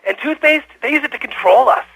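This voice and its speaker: An actor playing a paranoid male conspiracy caller who accuses and shouts at the host. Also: extremely high pitch, quick pace, husky, heavily acted, poor audio. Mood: ranting. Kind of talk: radio call-in comedy acting.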